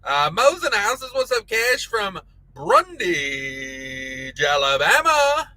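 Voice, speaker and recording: A man's voice: high-pitched, very animated, slow pace, sharp tone, rough recording. A man hosting a casual trucking live stream, reading chat messages aloud with crude jokes and frequent laughter. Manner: crude joking banter, laughs often.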